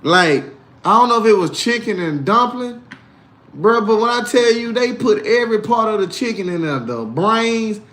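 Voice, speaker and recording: A man with a high-pitched voice chats casually on a livestream and tells stories with lots of animation, acting out the people in them. The room gives his voice a roomy echo. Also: moderate pace. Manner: animated storytelling, acts out voices, laughs often. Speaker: livestream host reading chat.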